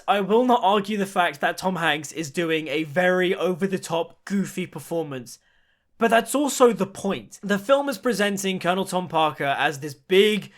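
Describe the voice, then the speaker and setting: A man's voice: high voice, lively intonation, measured pace, fairly bright tone. A man giving a chatty, enthusiastic film review in a casual video.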